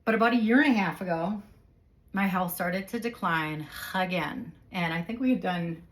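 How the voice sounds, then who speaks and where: Animated woman in her forties explaining. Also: fairly low pitch, normal speed. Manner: animated, explains with vivid everyday scenarios. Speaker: host interviewing her husband. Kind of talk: casual explanatory conversation.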